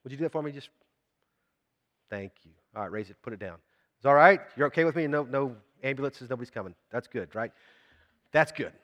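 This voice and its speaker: A man's voice: mid-range voice, lively intonation, a little fast, pauses often, fairly bright tone. Man preaching in an echoing church. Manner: conversational preaching, asks the congregation questions. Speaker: pastor. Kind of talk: sermon.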